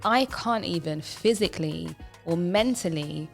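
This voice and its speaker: A woman's voice: lowish voice, unhurried, vocal fry, soft background music. A woman co-hosting a podcast, talking casually and emphatically. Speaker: podcast co-host. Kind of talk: casual chat.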